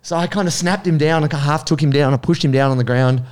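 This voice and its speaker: A man's voice: a little high, quick pace, smooth. A man with an Australian accent, casually telling a story and acting out the voices in it. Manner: animated, acts out voices in anecdotes.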